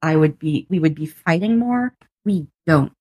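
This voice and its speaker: A woman's voice: low-pitched, normal speed, slightly rough, no echo. A woman co-hosting a podcast, telling a personal story in casual chat and acting out both sides of each exchange. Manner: animated storyteller who acts out both sides of conversations and laughs often; swears casually. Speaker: podcast co-host.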